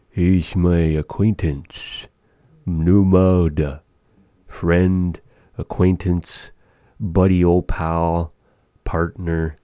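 Deep-voiced man, slow, patient vocabulary teacher, dry close sound. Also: little pitch movement, mellow, clean tone, dry recording. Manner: slow, repeats each word, chuckles at odd words. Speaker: language teacher. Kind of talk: word-by-word vocabulary lesson.

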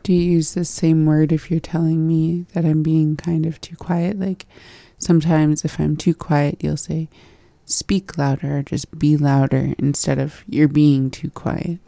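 Low-voiced woman learning phrases. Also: level tone, a little slow, creaky, few pauses, mellow, dry recording. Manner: curious, asks questions and repeats words back. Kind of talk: casual language lesson.

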